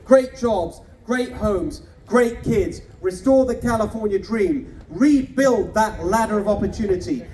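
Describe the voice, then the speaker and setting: A man's voice: high voice, a little slow, few pauses, a little mellow, far from the mic, a little hiss or hum. A man giving a punchy, mocking campaign rally speech, firing off rhetorical questions at an outdoor rally. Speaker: political candidate.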